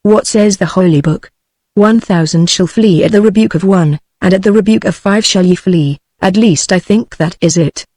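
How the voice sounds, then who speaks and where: A woman's voice: medium pitch, normal speed, mellow, no room sound, studio quality, lightly acted. A text-to-speech woman's voice with a British accent, voicing a mournful old Boer farmer in a novel. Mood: grumbling. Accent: British English. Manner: mournful, repetitive complaining.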